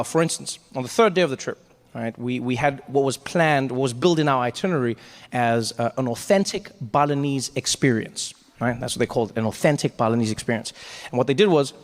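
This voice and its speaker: A male stand-up comedian from South Africa telling a travel story, with animated storytelling. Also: mid-range voice, long reverb tail. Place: comedy stage before an audience.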